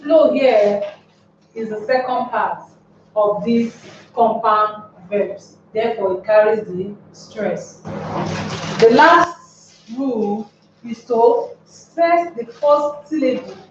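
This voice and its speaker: A woman's voice: fairly high pitch, slow pace, a little hiss or hum. A woman teaching English word stress in a lecture, spelling words out letter by letter and asking the class rhetorical questions. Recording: distant, echoey, dull lo-fi room sound.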